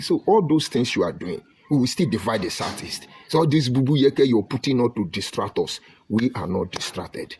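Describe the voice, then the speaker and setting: Husky Nigerian man lecturing emphatically. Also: mid-range voice, big pitch swings, brisk, few pauses, a little mellow. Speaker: political commentator. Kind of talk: political commentary monologue.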